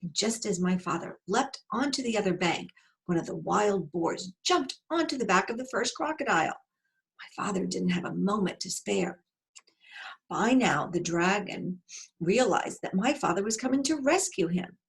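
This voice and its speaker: Creaky-voiced woman reading a storybook. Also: mid-range voice, expressive, moderate pace. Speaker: narrator. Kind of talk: children's storybook read-aloud.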